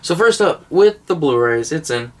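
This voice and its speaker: A man's voice: a little high, lively intonation. Wisecracking man co-hosting a movie chat. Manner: wisecracking, quick asides. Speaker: co-host. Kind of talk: casual chat.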